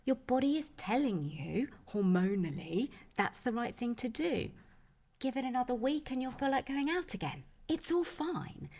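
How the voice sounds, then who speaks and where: A woman's voice: fairly high pitch, big pitch swings, moderate pace, a little mellow. A woman speaking as a menopause expert guest on a podcast, earnest and reassuring, with plenty of "you know". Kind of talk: podcast conversation.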